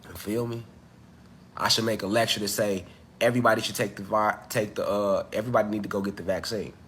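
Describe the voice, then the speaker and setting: A man's voice: fairly low pitch, fairly even intonation, quick pace, fairly bright tone, slight background noise. A man hosting a casual livestream at home, talking straight to his viewers in loose slang, with a cough as he gets over an illness. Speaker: livestream host.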